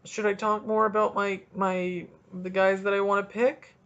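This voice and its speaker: A man from Canada hosting a casual solo podcast, rambling and joking as he thinks out loud. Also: high-pitched, level tone, moderate pace, clean tone. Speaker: podcast host. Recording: dull lo-fi recording.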